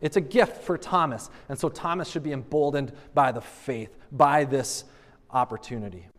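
A man's voice: medium pitch, normal speed. A man preaching a sermon as pastor, conversational and earnest, with frequent rhetorical asides. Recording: long hall reverb.

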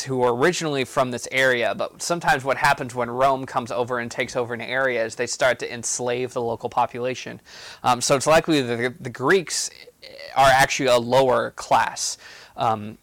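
A man's voice: medium pitch, fairly bright tone, no echo. A man giving a casual, explanatory Bible teaching on a podcast, with frequent fillers and restarts. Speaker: campus ministry podcast teacher.

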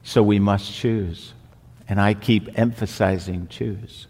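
A man preaching a sermon with slow, deliberate emphatic repetition. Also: lowish voice, fairly even intonation, a little mellow, slightly rough. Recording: long hall reverb.

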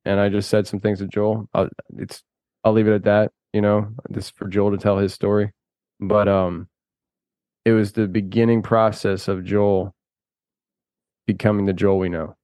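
A man's voice: lowish voice, flat delivery, moderate pace, mellow, clear, resonant tone, no echo. A man talking as a guest on a podcast, rambling and chatty, laughing often and restarting his sentences. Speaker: podcast host and filmmaker guest. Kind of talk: casual conversation.

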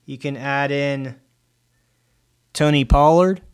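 A man's voice: mid-range voice, fairly even intonation, takes it slowly, clear, resonant tone. Hesitant man giving betting picks. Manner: hesitant, drawn out. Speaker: podcast co-host. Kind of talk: casual sports betting chat.

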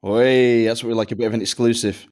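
A man's voice: lowish voice, flat delivery, very fast. A man hosting a podcast, playful and teasing with his guest. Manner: playful, teasing, half-sung intro. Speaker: podcast host.

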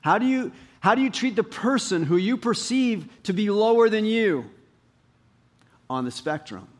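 A man preaching a sermon as pastor, animated, rising to emphatic highs and dropping low. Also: normal speed.

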